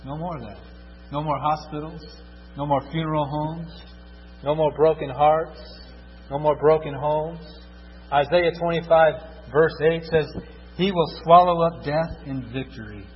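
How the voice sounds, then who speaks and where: Male preacher, slightly high voice, building to loud repeated cries then dropping to hushed pleading; dull, echoing church recording. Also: a little slow, a little hiss or hum. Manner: swings from loud fervent repetition to hushed tender pleading. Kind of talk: sermon.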